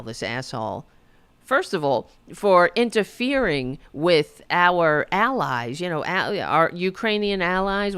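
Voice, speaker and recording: A woman hosting her own show rants with indignant sarcasm and plenty of swearing. Her fairly low voice swings widely in pitch and sounds smooth, recorded dry with no room around it. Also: a bit bright, no room sound. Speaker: podcast host. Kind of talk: political commentary rant.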